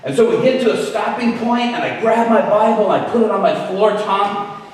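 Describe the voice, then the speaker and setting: A man preaching with an animated, humorous storytelling manner, heard in an echoey hall from far off. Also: high-pitched, brisk. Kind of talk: storytelling sermon. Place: event venue.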